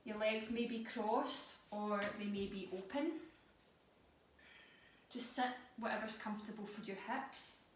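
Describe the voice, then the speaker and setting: Woman, yoga instructor, calm guided cues, off-mic in a reverberant room. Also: medium pitch, slight background noise. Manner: calm, slow guiding cues. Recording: echoey room, voice a bit far from mic.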